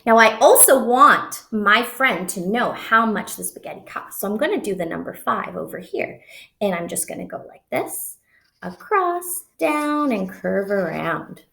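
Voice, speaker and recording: A woman teaching young children, speaking slowly in an exaggerated, sing-song teacher voice during make-believe play. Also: medium pitch, sing-song, vocal fry, bright, forceful tone, roomy sound. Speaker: preschool teacher.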